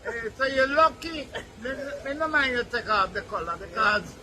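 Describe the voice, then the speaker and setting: A man's voice: very high voice, expressive, moderate pace, sharp tone, slight background noise, rough recording. An older man with a Jamaican accent, telling stories in easygoing, boastful patois. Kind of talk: casual chat.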